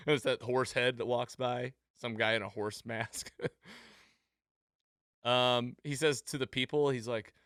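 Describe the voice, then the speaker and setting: A man's voice: mid-range voice, smooth, no room sound, clean studio sound. A man co-hosting a podcast, animatedly recapping a show in casual chat. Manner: animated, quick retelling that slips into acted quotes. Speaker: podcast co-host.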